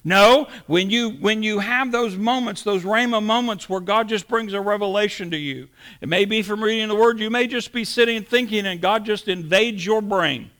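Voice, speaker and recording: A man's voice: high voice, moderate pace, fairly bright tone. A middle-aged man preaching a sermon, folksy and storytelling, acting out quotes as he goes. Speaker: pastor.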